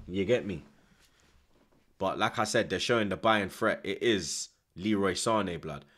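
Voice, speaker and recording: A man's voice: low voice, pushed and bright. A young man, chatting animatedly as he live-streams a football watchalong, full of slang and repeated tag words. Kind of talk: live stream match commentary and chat.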